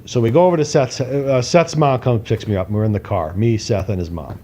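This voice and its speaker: A man's voice: mid-range voice, a little fast, warm tone. A man co-hosting a podcast, telling a casual story animatedly, acting out voices and swearing now and then. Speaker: podcast co-host.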